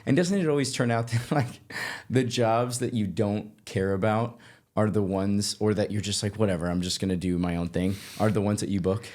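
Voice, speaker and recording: A man from Colorado hosting a podcast, telling stories in a casual, animated way with lots of restarts. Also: fairly low pitch, normal speed. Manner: animated, self-interrupting storyteller. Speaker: podcast host, actor. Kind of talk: casual storytelling chat.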